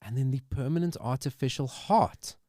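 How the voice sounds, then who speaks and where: A man co-hosting a casual podcast chat, reading movie quiz questions with lively delivery. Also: medium pitch, normal speed, no echo, studio quality. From South Africa. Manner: animated, reads movie quotes aloud. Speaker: podcast co-host.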